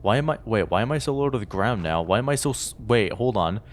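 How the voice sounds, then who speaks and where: A man's voice: on the low side, animated, quick pace, slight background noise. A man giving casual, jokey commentary while playing a game and thinking aloud. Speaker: gameplay streamer. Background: game music.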